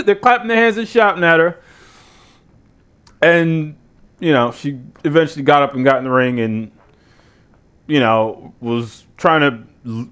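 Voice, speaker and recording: A man's voice: a little high, a bit bright. A man with a slightly raised voice rants in a casual way as he hosts a review show. He rambles, drops curses freely and keeps a dry, mocking edge the whole time. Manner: swears freely, rambling and sardonic. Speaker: show host reviewing wrestling. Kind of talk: casual profane rant.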